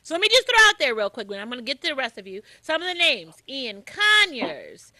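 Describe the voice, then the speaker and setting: Animated high-voiced woman host. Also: racing, no room sound. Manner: animated, interjecting, emphatic. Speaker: talk show host. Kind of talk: radio talk show conversation.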